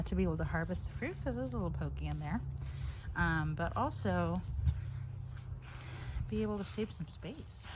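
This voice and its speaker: A woman around forty, vlogging from her garden, gushing with excitement and at times dropping to a whisper. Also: sits low, a little hiss or hum, low-quality recording. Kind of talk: casual garden vlog. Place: outdoors in a home garden.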